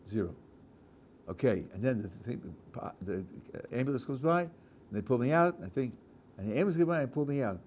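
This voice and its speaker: A man's voice: medium pitch, fast talker, slight background noise. A rabbi lectures with a voice that rises and falls constantly, giving his example stories real drama. He acts out little scenes as he teaches and often stops to rephrase himself, like a man thinking aloud in front of his class. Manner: animated storyteller, acting out scenes, with frequent restarts. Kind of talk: Torah lecture with acted-out examples.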